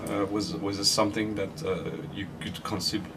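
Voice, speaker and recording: Man, French accent, interviewer, slightly low voice, halting, off-mic. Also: flat delivery, far from the mic, background noise. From France. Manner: halting, searching for English words. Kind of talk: interview questions.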